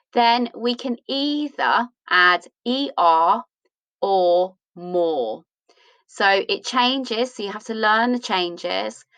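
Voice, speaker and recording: Slow, patient woman teaching English grammar. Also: mid-range voice, a bit bright, dry recording, low-quality recording. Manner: patient, asks and answers her own questions. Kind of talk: explaining a grammar lesson.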